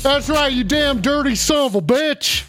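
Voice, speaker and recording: Faint music plays behind a man whose pitch is extremely high and whose pace is unhurried. He's livestreaming in character as a cocky, profane male wrestler, ranting with gruff shouts, heavy swearing, and repeated insults.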